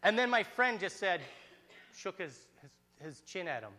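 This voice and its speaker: A man telling a personal story with lively energy. His pitch swings widely and his voice stays bright and fairly high, with frequent restarts as he talks. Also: normal speed. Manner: animated, excitable, frequent restarts.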